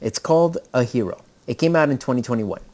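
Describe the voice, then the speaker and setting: Guy cohosting a movie chat, swears a lot, super lively up and down voice, keeps saying okay?. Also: medium pitch, fast talker. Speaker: podcast co-host presenting films. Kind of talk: casual chat.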